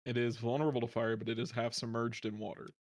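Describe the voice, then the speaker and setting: A man's voice: mid-range voice, flat delivery, quick pace, darkish tone. A man running a tabletop game as game master, calling out hits and damage in a matter-of-fact way.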